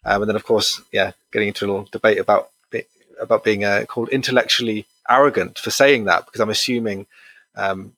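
A man hosting a podcast, thoughtful and measured, pausing and hesitating as he works through his points. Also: fairly low pitch, fairly even intonation, fairly bright tone, no room sound. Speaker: podcast host. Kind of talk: conversational podcast discussion.

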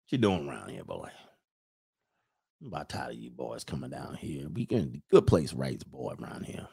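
A man voicing a menacing older male sheriff with a slow, low Mississippi drawl. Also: very animated, vocal fry, dark tone, breathy edge, full character voice.

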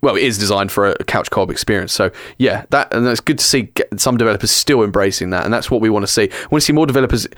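A man's voice: fairly low pitch, fairly bright tone, no echo, studio quality. Rambling young man, podcast guest. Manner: rambling, halting, many restarts. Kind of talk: casual podcast chat.

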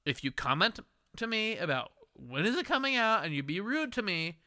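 A man's voice: high voice, sing-song, normal speed, sharp tone. A tipsy, tired man hosting a late-night podcast, rambling and emphatic, laughing and cursing. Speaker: podcast host. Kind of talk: casual drunk podcast chat.

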